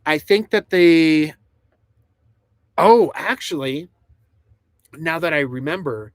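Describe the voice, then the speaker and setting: A man's voice: on the high side, lively intonation, slow pace, no echo. A man rambling and laughing through a casual live stream from inside a truck camper, reading chat comments aloud. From United States.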